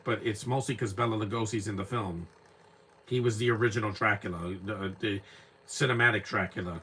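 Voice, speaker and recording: A young man talks through an old film in a loose, rambling way, often stumbling over repeated words as he hunts for a name. His voice is husky with a bright, forward edge and sits fairly low. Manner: rambling, repeats words while searching for names. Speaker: movie commentator. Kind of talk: casual live movie commentary.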